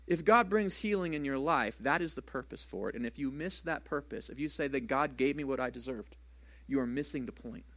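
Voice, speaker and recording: A man's voice: medium pitch, expressive, fairly quick, fairly bright tone. A man preaching a sermon as a pastor in a church, talking conversationally and asking the congregation rhetorical questions.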